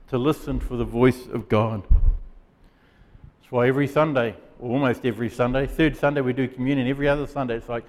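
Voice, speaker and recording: Earnest and forceful, a male pastor preaches with dramatic pauses in a mid-range voice. A long reverb tail follows his words.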